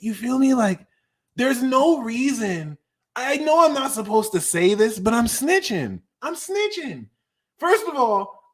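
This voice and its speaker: A young man hosting an astrology livestream, ranting animatedly, swinging from shouts to low mutters and swearing freely. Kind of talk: casual livestream rant.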